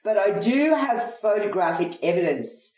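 A woman's voice: mid-range voice, very animated, moderate pace, a little mellow. A middle-aged Australian woman, a head of acting, telling anecdotes in an interview and acting out the lines of people she quotes. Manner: theatrical storyteller, acts out quotes. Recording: roomy echo.

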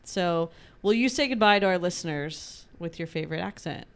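A woman's voice: lowish voice, lively intonation, normal speed, clear, resonant tone. A woman hosting a podcast in casual chat with coworkers, playful and laughing often. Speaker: podcast host.

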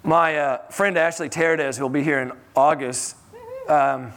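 A man preaching a sermon in a church in a conversational, animated way, often chuckling and repeating his words. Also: fairly high pitch, unhurried.

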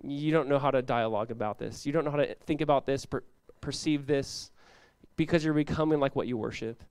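A young man preaching a sermon as pastor, casual and animated, peppered with "like" and quick laughs. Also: medium pitch, clean tone, no echo.

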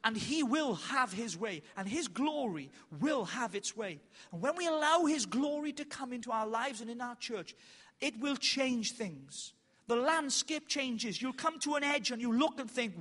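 A man preaching at a conference, telling stories with animated, self-mocking humour, then slowing down for emphatic points. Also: very high-pitched. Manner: animated, self-mocking, loud bursts and slow emphatic lines. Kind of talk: conference sermon with storytelling. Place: large hall with an audience. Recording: reverberant hall.

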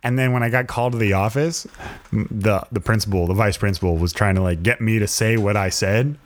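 A man's voice: on the low side, fairly quick. A young man co-hosting a podcast, telling stories casually and acting out quotes in raised voices. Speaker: podcast co-host. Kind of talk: casual storytelling chat.

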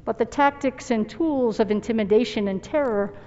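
A woman pastor preaches in a reflective, personal and earnest manner. Her voice sits a bit high. The recording is dull and muffled, with a long reverb trailing off as in a large hall. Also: normal speed, darkish tone. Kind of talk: sermon.

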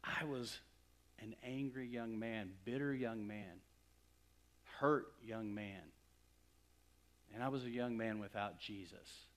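A middle-aged man from West Texas preaching a sermon, swinging from loud emphatic lines to hushed near-whispers. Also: fairly low pitch, slow pace, pauses often. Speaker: pastor.

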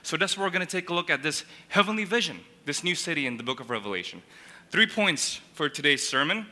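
A man's voice: a little high, lively intonation, fast talker, sharp tone. A man preaching a sermon as a pastor, earnest, restating and repeating words as he builds each point. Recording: long hall reverb.

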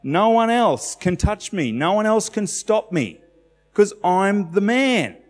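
Australian pastor voicing Jesus, calm and assured. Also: male voice, high voice, slow, in a large hall, voice pushed up, full character voice.

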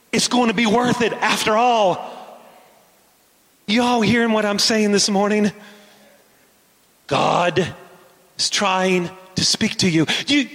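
Man, pastor, sermon, high voice, bright tone, questions thrown out to the congregation. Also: in a large hall. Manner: preaching with call-and-response questions to the congregation. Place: church.

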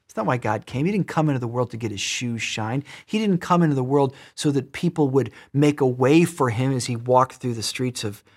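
A man preaching a sermon in an emphatic way, repeating words and shifting between loud and soft. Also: mid-range voice, husky.

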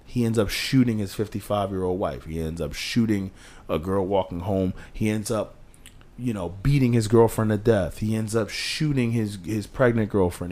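Impassioned man on a podcast. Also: a little mellow. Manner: impassioned, rising pitch when stressing points, drops low for quoted voices. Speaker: podcast co-host. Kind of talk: casual podcast chat.

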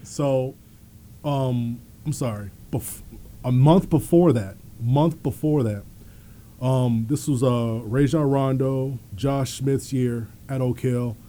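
A man's voice: mid-range voice, slow. A man in his thirties, a former college basketball player, telling stories in a studio chat, laughing often and acting out the people he quotes. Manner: animated storyteller, laughs often, acts out quoted voices. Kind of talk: casual storytelling.

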